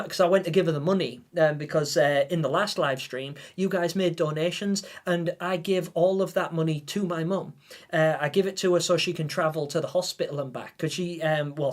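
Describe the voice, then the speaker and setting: A man's voice: fairly high pitch, a little mellow. A man livestreaming a game, thanking viewers in a heartfelt, stammering, emotional way. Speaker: gaming livestreamer. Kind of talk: live-stream chat with viewers.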